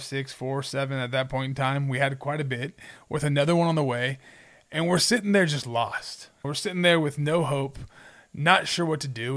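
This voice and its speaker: A man's voice: a little high, fairly bright tone. A man in his forties from Southern California, co-hosting a faith podcast and telling personal stories in a rambling, earnest way. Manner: rambling, earnest storytelling with restarts. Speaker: podcast co-host. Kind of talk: casual faith talk.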